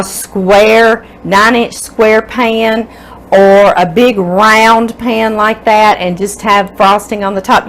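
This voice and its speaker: A woman's voice: mid-range voice, a little hiss or hum, low-quality recording. A middle-aged woman from Louisiana with a Louisiana accent, hosting a home cooking show in a rambling, chatty way and talking straight to her viewers. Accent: Southern US, Louisiana. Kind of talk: casual home cooking demonstration. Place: home kitchen.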